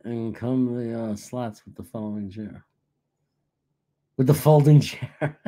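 A man's voice: mid-range voice, takes it slowly, mellow. A man hosting a casual sports live stream, boastful and joking, laughing often. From New York. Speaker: sports show host.

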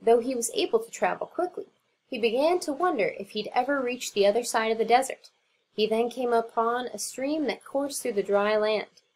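A woman teacher narrating a children's storybook aloud in an expressive reading. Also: fairly high pitch, normal speed, a little hiss or hum.

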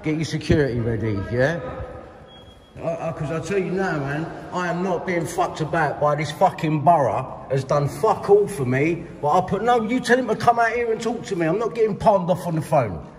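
A man's voice: fairly high pitch, lively intonation, normal speed. A middle-aged man with a London accent, ranting angrily and profanely while filming a complaint on his phone. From London, England. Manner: profane, repetitive, heated. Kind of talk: angry confrontational rant. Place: hospital waiting area, indoors. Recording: echoey hall with long reverb.

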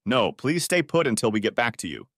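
A man voicing a calm, official police dispatcher on a phone call in an audiobook story. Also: mid-range voice, no room sound, clean studio sound. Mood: procedural. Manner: measured, official. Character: calm, procedural adult male police dispatcher.

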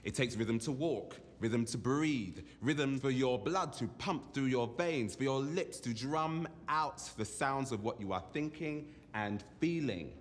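An actor playing a playful, theatrical teacher, coaching a class in a teasing, animated way. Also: male voice, medium pitch, measured pace, hardly any pauses, natural voice. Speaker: drama and dance teacher. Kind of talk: film drama. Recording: echoey hall with loud music.

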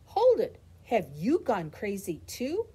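A woman's voice: medium pitch, sing-song, slow, breathy edge, heavily acted. A woman voicing a playful, bossy little boy who orders his clothes around. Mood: excited.

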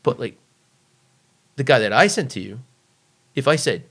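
A man's voice: mid-range voice, animated, moderate pace, pauses often, a bit bright, breathy edge. An American man, a former navy serviceman, telling blunt, profane stories as a podcast guest, acting out what people said. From United States. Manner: blunt, profane, emphatic, acts out quoted voices. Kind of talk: casual storytelling in a podcast interview.

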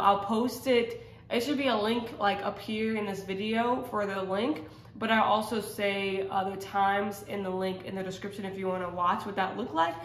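A woman's voice: mid-range voice, slight background noise. Earnest, rambling woman in an echoey room. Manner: rambling, earnest, with many fillers and restarts. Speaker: vlogger sharing a testimony. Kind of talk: casual testimony talk. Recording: roomy echo.

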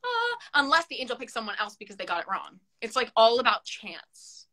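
A young woman with a bright, clear tone and a slightly high voice, chatting on a phone live stream. She teases in a playful, mock-dramatic way. The talk is loose and casual. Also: huge pitch swings, fairly quick, low-quality recording. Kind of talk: casual chat. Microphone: phone on a live video call.

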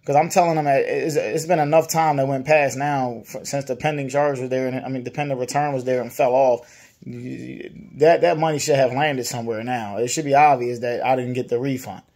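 A man with a Virginia accent vents about a bad experience with a dealer in a casual monologue. His mid-range voice is darkish and fairly even in intonation, a little fast; frustrated, he repeats himself and mimics what others said.

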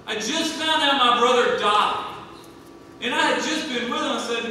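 A man in his thirties preaching a sermon, swinging between hushed and loud, emphatic delivery. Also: very high voice, sing-song, normal speed, slight background noise. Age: 30s. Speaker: pastor. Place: church sanctuary. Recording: echoey church hall from a distant mic.

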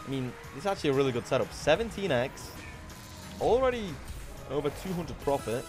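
A young man commentating his slot gambling session, shouting excitedly as wins land. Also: a little high, a little fast, music in the background. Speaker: slot streamer.

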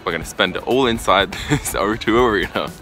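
A cheerful man talks to his camera as he walks around the city, his voice sitting very low. He rambles, restarts sentences and keeps the tone light and chatty. Loud background music plays under his words. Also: a little fast. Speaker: vlogger. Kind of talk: casual vlog chat. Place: out and about in a city, on streets and indoors. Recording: background music playing loudly.

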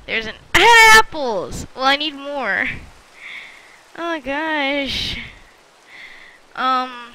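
A woman's voice: sits high, pushed and bright, a little hiss or hum, low-quality recording. A woman giving chatty let's-play commentary while gaming, talking to her viewers with frequent exclamations. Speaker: gamer.

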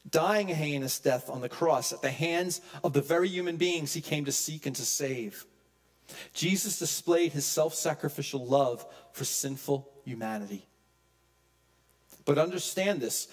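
A man preaching a sermon as pastor, emphatic, swinging from loud peaks to hushed low lines. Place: church.

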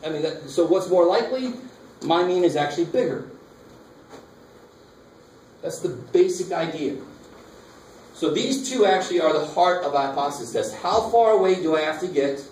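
A man's voice: fairly high pitch, lively intonation, normal speed, pauses often, a little mellow. A man teaching a math lecture, talking casually and asking the class questions. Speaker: math instructor. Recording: echoey classroom from far off, faint noise.

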